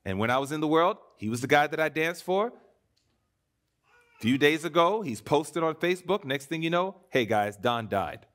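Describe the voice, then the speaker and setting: A man preaching a sermon in church, swinging between emphatic declarations and hushed, earnest appeals. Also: on the high side, normal speed.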